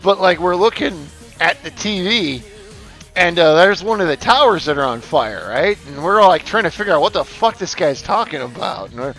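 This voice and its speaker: A man's voice: sits high, animated, normal speed, fairly bright tone, faint music behind. A man in his forties who streams, telling a story casually with a rambling, profane delivery full of restarts.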